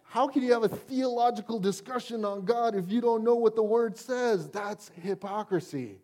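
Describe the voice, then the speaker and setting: A man's voice: high voice, normal speed, darkish tone. A male pastor preaching a sermon in a church, talking conversationally and often asking the congregation "Amen?". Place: church sanctuary.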